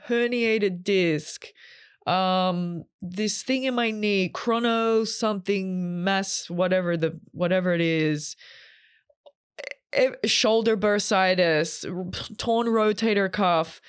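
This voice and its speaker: A woman's voice: fairly low pitch, slow pace, clear, resonant tone. A woman hosting a solo podcast from a green room, telling a personal story in a candid, rambling, emotional way with many fillers. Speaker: podcast host.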